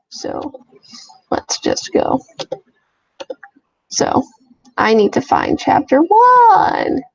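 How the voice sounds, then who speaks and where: A woman's voice: medium pitch, vocal fry, darkish tone, dry recording, highs cut off. A young woman streaming a casual reaction, reading fanfiction aloud and chatting emotionally to herself.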